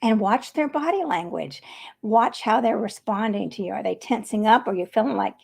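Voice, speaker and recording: A middle-aged woman talking earnestly and gently, coaching her viewers in a casual vlog. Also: medium pitch, animated, normal speed, creaky, husky. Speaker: vegan vlogger. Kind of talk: casual advice talk to camera.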